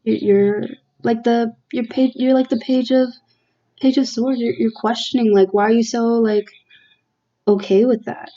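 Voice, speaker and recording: A woman's voice: fairly high pitch, steady tone, a little slow, mellow, highs cut off. A woman giving a casual, heartfelt tarot reading, earnest and emotional, talking with many fillers and restarts. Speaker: tarot reader.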